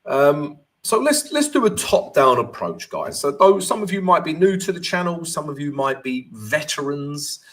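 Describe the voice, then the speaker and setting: His voice is on the high side, sing-song and a bit bright, at a moderate pace with hardly any pauses. The man, a forex coach, chats casually on a live stream, giving cheerful greetings, reading viewer comments, and walking through charts as he answers.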